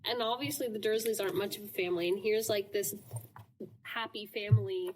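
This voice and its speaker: A woman's voice: medium pitch, brisk, a little hiss or hum. A woman as a podcast guest, chatting casually and laughing easily. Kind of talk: casual chat.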